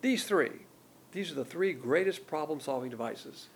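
An older man preaching a sermon, teaching in a folksy, emphatic way that jumps up in pitch on key words. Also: animated, normal speed, slight background noise. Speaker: pastor.

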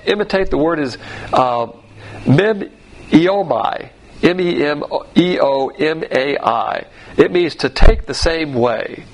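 A man's voice: on the high side, creaky, slight background noise. A man teaching Bible doctrine as a pastor, blunt and combative, mocking other churches as he goes.

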